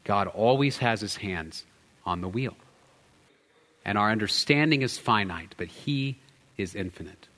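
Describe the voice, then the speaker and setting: A man in his thirties preaching a sermon as pastor, earnest, swinging from loud emphasis to hushed, near-whispered lines. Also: lowish voice, animated, unhurried, pauses often, long reverb tail. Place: church sanctuary.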